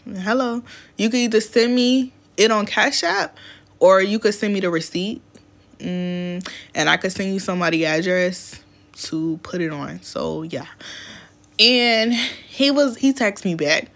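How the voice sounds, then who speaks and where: A young woman talks straight to her viewers in a loose storytime chat. Her delivery is blunt and profane, and she keeps breaking into laughter as she goes. Her voice sits at a middling pitch for a woman. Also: a little slow, fairly bright tone. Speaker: vlogger. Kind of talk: casual storytime chat to camera.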